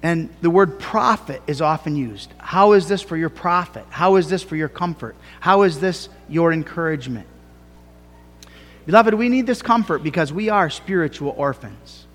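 A man preaching a sermon as a pastor, earnest and emphatic, with slow, deliberate phrasing that rises to fervent cries. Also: on the high side, expressive. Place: church sanctuary. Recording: long reverb of a church hall.

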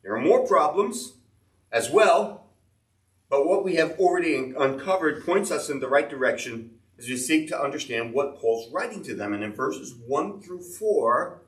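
This pastor preaches a sermon, earnestly explaining scripture and reading verses aloud. His voice sits on the high side and sounds a bit bright. The recording was made in an echoey church room with the mic at a distance.

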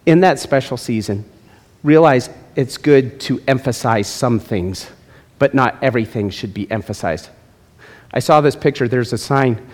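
A man's voice: medium pitch, normal speed, darkish tone. A male pastor preaching a sermon in a church, with emphatic delivery and playful asides. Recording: long hall reverb.

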